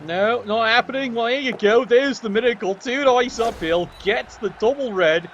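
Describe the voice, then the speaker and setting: A high-pitched man calls a game match with a dry, mocking edge, swearing casually and talking straight to the players. His voice sits well above the usual male range. A clear wash of background noise hums under the whole recording. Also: normal speed, fairly bright tone, muffled recording. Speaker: commentator. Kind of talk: game commentary.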